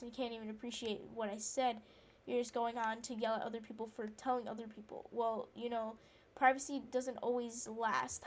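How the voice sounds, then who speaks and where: A woman tells a long, rambling personal story as she plays, sounding indignant and catching herself with ums and restarts. Her voice sits a little on the high side. Now and then she breaks off to react to the game. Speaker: gamer telling a story while playing. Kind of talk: casual storytelling chat.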